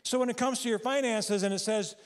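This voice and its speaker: A man's voice: very high-pitched, fairly even intonation, a little fast. A man preaching a sermon in a church, talking casually and quizzing the congregation. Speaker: pastor. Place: church sanctuary.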